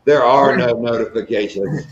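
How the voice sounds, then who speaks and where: A man's voice: medium pitch, moderate pace. A man co-hosting a live stream, trading teasing jokes in casual chat. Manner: joking, teasing banter. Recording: echoey, dull lo-fi sound.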